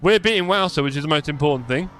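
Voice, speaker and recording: A man's voice: a little high, animated, racing, fairly bright tone, slight background noise. A young man live-streaming sim racing, chatty and self-mocking, calling the race as he drives.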